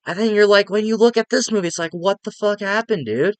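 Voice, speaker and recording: A man's voice: high voice, quick pace, clean tone, no echo. A young man giving a casual, profane, exasperated movie review rant, rambling with lots of filler words.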